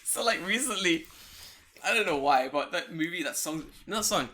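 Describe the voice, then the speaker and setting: A man's voice: a little high, animated, fairly quick, noisy background. A man hosting a podcast, chatting casually, swearing and laughing while tipsy. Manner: swearing, laughing, rambling after drinking. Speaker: podcast host. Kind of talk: casual chat. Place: Japan.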